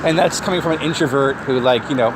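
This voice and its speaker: A man's voice: medium pitch, fast talker, noisy background. A man hosting a casual comedy podcast, blunt and sarcastic in his critiques. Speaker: podcast host.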